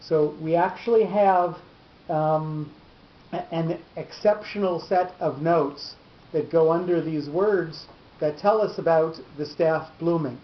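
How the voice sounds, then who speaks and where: A slow-paced man with a voice on the high side leads a Torah cantillation class. His explanations are patient and step by step, though he restarts sentences often. The room recording is lo-fi and echoey.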